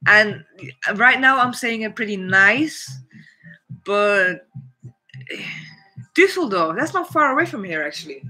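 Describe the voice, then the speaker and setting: A Dutch-accented man chatting on his own live stream, blunt and opinionated, with "it's like" in nearly every sentence. His voice sits high for a man and rings very bright and forceful. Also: animated, unhurried, faint music behind, poor audio. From Netherlands. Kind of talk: casual live stream chat.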